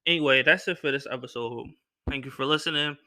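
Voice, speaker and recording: A young man hosting a podcast, telling a casual story in a lively, slangy way and acting out other people's lines in a raised voice. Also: mid-range voice, fast. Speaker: podcast host.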